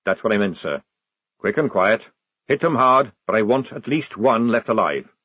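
A man voicing a gruff, burly old army sergeant who barks curt orders. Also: on the low side, lively intonation, normal speed, a bit bright, no echo. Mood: commanding. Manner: barking, curt commands.

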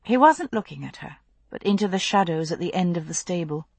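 A woman narrating a novel with intense, expressive storytelling. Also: fairly low pitch, brisk, slightly rough, no echo. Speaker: audiobook narrator.

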